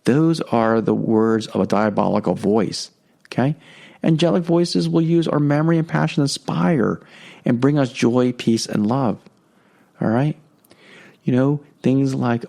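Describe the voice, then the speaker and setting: A man's voice: medium pitch, a little slow, vocal fry, darkish tone. A man hosting a podcast, giving a conversational religious talk and often checking in with "okay?". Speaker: podcast host.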